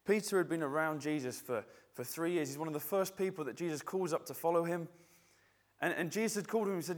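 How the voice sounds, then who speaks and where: Man, preacher, sermon, conversational, reflective, slightly high voice. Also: fast. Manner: conversational, reflective, frequent restarts.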